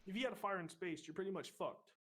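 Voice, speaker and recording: A man telling a boot camp story on a casual podcast, profane and animated, getting loud when he acts out what he said. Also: high voice, fast talker, a crowd in the background. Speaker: podcast co-host.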